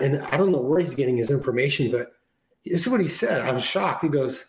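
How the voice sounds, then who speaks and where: A man's voice: fairly high pitch, animated, fast, echoey room, rough recording. A man chatting on a talk show in a rambling, conversational way, often restarting his sentences.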